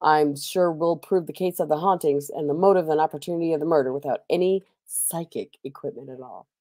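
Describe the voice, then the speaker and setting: A woman reading the lines of a stern, composed woman investigator in a brisk, dismissive manner. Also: low-pitched, warm tone, no room sound, clean studio sound.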